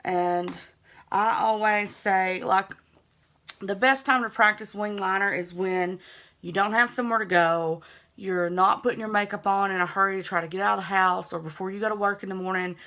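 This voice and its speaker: A young woman with a Southern US accent talks her way through a makeup tutorial. Her voice is easygoing and chatty. She teases herself as she works at her middle pitch. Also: steady tone, moderate pace, pushed and bright. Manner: chatty, easygoing, self-teasing. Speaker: beauty vlogger.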